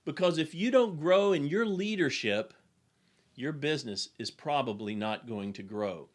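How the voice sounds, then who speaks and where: A man's voice: a little high, a bit bright. A man who is an executive coach, giving a recorded business lesson in an earnest, plain and direct storytelling manner.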